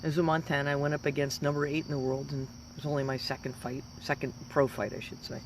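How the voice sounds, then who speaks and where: A woman's voice: low voice, flat delivery, fast talker, a little hiss or hum. A woman in her fifties, a professional fighter, giving an emphatic, rambling motivational talk. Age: 50s. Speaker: professional mixed martial arts fighter.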